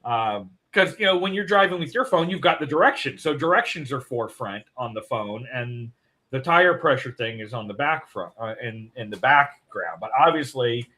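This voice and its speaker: A man's voice: medium pitch, expressive, normal speed, bright, forceful tone, low-quality recording. A man co-hosting a casual morning show, telling a long rambling story. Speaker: co-host.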